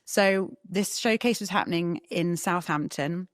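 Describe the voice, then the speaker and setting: A woman guest chatting casually in an interview, an animated storyteller who laughs often. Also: on the low side, a little slow, no echo, clean studio sound. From England.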